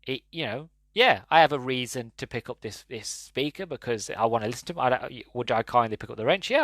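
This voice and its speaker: A man's voice: mid-range voice, fairly bright tone, dry recording. A man hosting a podcast, talking casually and enthusiastically about a game, rambling with many restarts. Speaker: podcast host. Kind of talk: casual solo game-review talk.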